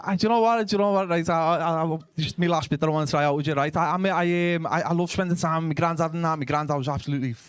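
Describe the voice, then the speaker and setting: A young Liverpool comedian doing stand-up with a blunt, sweary delivery, often talking back and forth with the audience. His voice sits fairly high for a man. The sound is dry and close, with little room in it. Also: smooth, no room sound. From Liverpool, England. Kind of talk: live stand-up comedy with crowd work.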